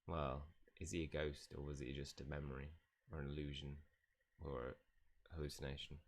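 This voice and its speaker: A man's voice: very deep voice, normal speed, breathy edge. A man streaming a video game live, making joking, self-mocking asides while reading along. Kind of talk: livestream gameplay commentary.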